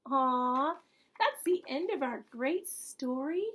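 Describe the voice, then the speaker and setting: A woman preschool teacher reads a picture book aloud to young children. She speaks very slowly in a very high voice. She pauses to ask the children gentle questions about the story. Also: animated. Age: adult.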